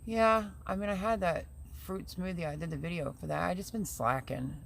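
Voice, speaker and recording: A woman's voice: on the low side, moderate pace, creaky. A woman hosting a casual live stream who vents chattily and reads viewer comments aloud. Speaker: livestream host.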